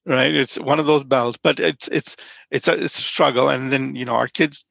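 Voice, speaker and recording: A man's voice: on the high side, steady tone, fairly quick, vocal fry, fairly bright tone, dry recording, lo-fi sound. A man in his fifties from Nigeria, a podcast guest telling rambling stories in casual conversation. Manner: rambling storyteller, frequent restarts.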